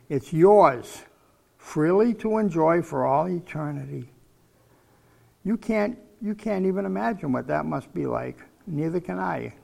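A man's voice: a little high, gravelly. An older man preaching a sermon, teaching from the Bible in a folksy, conversational way.

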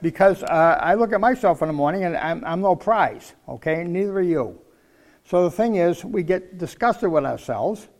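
A man's voice: high voice, expressive, normal speed, darkish tone. An older man preaching a sermon, teaching from the Bible in a folksy, conversational way.

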